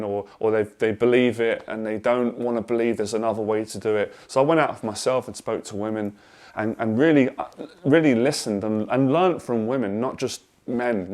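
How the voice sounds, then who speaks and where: A dating and confidence coach delivers an advice monologue straight to camera, his lowish, darkish voice earnest and forceful as he repeats phrases to drive points home.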